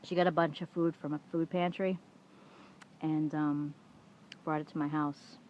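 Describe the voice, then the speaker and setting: A woman's voice: deep voice, level tone, unhurried, a little mellow. A middle-aged woman talking casually to the camera, venting frankly with lots of swearing and "you know"s, and acting out the arguments she quotes. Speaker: vlogger. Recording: dull lo-fi home recording with faint room noise.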